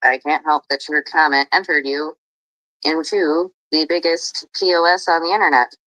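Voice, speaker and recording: A woman defends herself at length in casual livestream talk, her sentences running on. Her voice is low, and the recording is dry and close. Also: steady tone, moderate pace, fairly bright tone, dry recording, low-quality recording.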